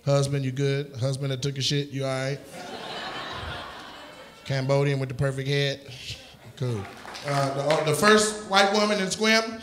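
A male stand-up comedian doing crowd work, loudly teasing audience members and often breaking into shouts and laughter. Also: medium pitch, fairly even intonation, measured pace, long pauses. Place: comedy club stage. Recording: echoey club room with audience noise.

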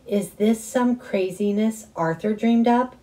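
A woman's voice: mid-range voice, takes it slowly, warm tone, voice pushed up, close to an everyday voice, poor audio. A woman voicing an angry, strict mother who scolds her son in a cold, clipped way. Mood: stern, cold.

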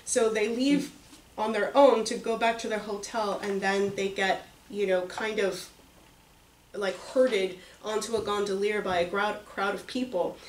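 A woman's voice: medium pitch, a little hiss or hum. Woman, discussion leader, casual and chatty, roomy sound, distant mic. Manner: chatty, with many fillers and restarts. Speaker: reading group leader. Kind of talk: casual retelling of a story.

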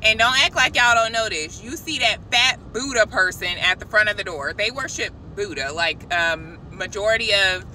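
A woman telling a casual, animated faith testimony, chatting directly to her viewers. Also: medium pitch, normal speed, few pauses, a little hiss or hum, low-quality recording. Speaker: christian vlogger.

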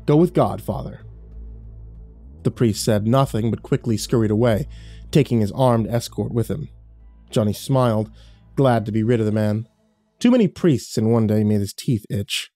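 A man narrating a scripted horror story in a measured, dramatic way. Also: fairly low pitch, warm tone, dry recording, faint music behind.

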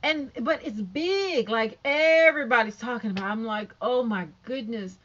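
A woman with a high, youthful-sounding voice chatting casually and sassily to camera about online gossip. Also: normal speed, highs cut off. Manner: chatty, sassy, animated, talks straight to viewers. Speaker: YouTube commentator.

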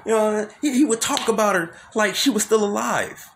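A young man telling a personal story to his channel in a casual, animated way, often repeating words and dropping slangy asides. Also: sits high, moderate pace, a little hiss or hum.

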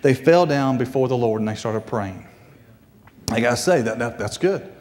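A man preaching a sermon as a guest preacher, repeating phrases and swinging his pitch. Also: expressive, normal speed, a little mellow. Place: church sanctuary. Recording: church hall reverb.

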